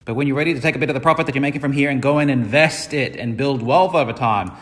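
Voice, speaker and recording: A man's voice: medium pitch, fast talker, big-room sound. A man giving a casual mini money lesson for his social media stories, blunt and emphatic, swearing freely. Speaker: entrepreneur teaching money lessons.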